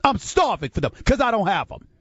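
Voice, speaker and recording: A man's voice: high voice, very animated, brisk, fairly bright tone, slightly rough, no room sound. A man giving heated sports commentary in an exasperated, disgusted rant, on slightly muffled broadcast audio.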